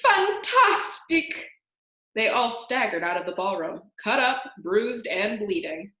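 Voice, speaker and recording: A woman reading a children's book aloud, animated and singing out the sound effects. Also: mid-range voice, measured pace. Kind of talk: read-aloud storytelling. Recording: roomy echo.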